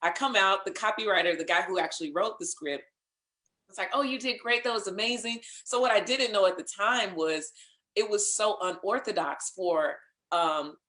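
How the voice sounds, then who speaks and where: A woman being interviewed, telling a lively story in casual conversation, acting out what others said and laughing along. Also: on the low side, normal speed, roomy sound. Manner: animated storyteller, acts out others' lines, laughs. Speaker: interview guest, singer and voice actor.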